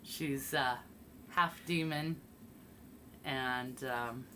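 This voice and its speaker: A woman's voice: a bass voice, drawn-out words, fairly bright tone, a little hiss or hum. A woman streaming while painting miniatures, chatting casually and rambling with fillers. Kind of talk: casual chat.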